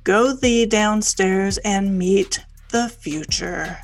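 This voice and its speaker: A man's voice: sits high, drawn-out words, over music, full character voice. A man playing a weary, defeated apartment tenant who mutters in a glum, sardonic way. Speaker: comedy sketch character.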